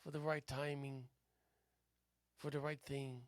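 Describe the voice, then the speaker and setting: A tired man hosting a local TV show, musing aloud in a halting philosophical monologue that drifts into soft whispers. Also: mid-range voice, flat delivery, dry recording. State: tired, yawning. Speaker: host. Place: local cable TV studio.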